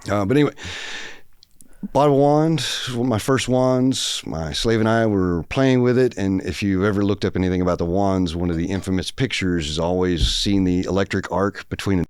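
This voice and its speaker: A man's voice: deep voice, normal speed, darkish tone, clean tone, dry recording, studio quality. A man telling a long story in a casual, rambling, matter-of-fact way as a podcast guest. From Texas.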